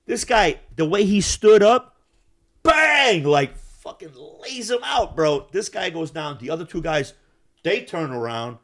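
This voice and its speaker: Man host, swearing storyteller, lively delivery, casual podcast chat. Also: fairly high pitch, a little slow. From Yugoslav family roots. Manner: profane, animated storyteller acting out bar scenes.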